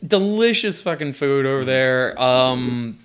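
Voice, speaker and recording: A man's voice: mid-range voice, slow pace, clear, resonant tone. A young man hosting a casual podcast in an apartment, telling stories animatedly and swearing a lot. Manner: profane, animated storytelling with frequent laughter. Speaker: podcast host. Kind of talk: casual chat.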